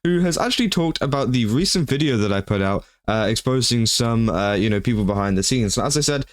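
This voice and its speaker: Casual male reaction commentator, mid pitch, dry close sound, loose and chatty. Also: fairly quick, no echo. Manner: relaxed, filler-heavy, says "bro". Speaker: commentary YouTuber.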